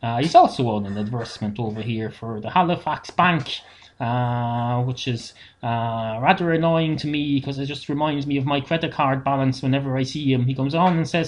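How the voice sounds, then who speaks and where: A man from Ireland with an Irish accent, rambling through a deadpan solo comedy monologue with lots of "uh" fillers, recorded at home. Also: mid-range voice, normal speed. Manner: deadpan, meandering, frequent "uh" fillers. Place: home setup. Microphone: self-recorded into editing software on a computer, no monitoring.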